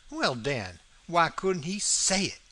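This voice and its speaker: A man's voice: fairly high pitch, very animated, slow, bright, forceful tone, pitched above the performer's own voice, full character voice. A man reading as a stubborn, plain-spoken grown man. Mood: indignant. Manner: heavy rural dialect, blunt and argumentative.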